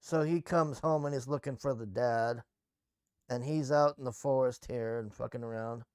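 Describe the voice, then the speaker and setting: A man's voice: mid-range voice, normal speed, a little mellow, clean tone, no echo, clean studio sound. A man casually recapping and reviewing a TV episode, blunt and sarcastic, swearing freely.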